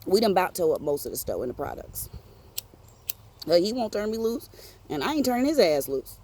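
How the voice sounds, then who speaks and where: A woman telling a personal story on her podcast in an animated, profane, streetwise way. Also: fairly low pitch, brisk. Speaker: podcast host.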